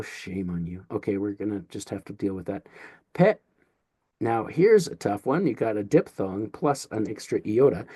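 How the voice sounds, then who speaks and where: Playful, animated male Greek teacher. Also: on the low side, husky, no room sound, studio quality. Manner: playful, jokey explaining with sung-out sample sounds. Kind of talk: recorded video lesson.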